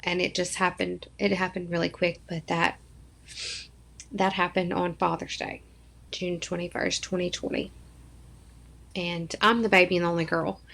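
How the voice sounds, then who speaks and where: A woman's voice: on the low side, flat delivery, normal speed, vocal fry, long pauses, a bit bright. A woman in her thirties from Arkansas, a podcast guest telling a personal story in an earnest, emotional way and acting out what others said.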